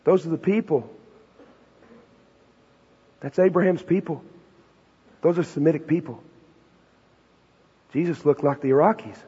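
A man preaches from the pulpit in a high, slightly raspy voice, leaning into rhetorical questions and emphatic punches. The recording is muffled and lo-fi. A long reverb trails off every phrase in the large church. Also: a little slow, long pauses, mellow. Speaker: pastor. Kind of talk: sermon. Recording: dull, reverberant hall recording.

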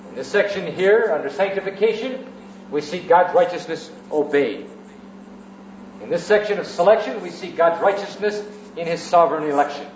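A man's voice: high voice, lively intonation, normal speed, a little hiss or hum. A man preaching an evening sermon in a church, teaching in orderly sections and repeating key phrases for emphasis. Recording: roomy, muffled church recording.

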